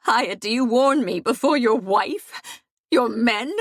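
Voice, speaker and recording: A jealous, bitter mistress of the household, her voice raised high and loud with strain and hurt, as a woman reading an audiobook puts her on. Dry, close recording. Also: expressive, moderate pace, no echo.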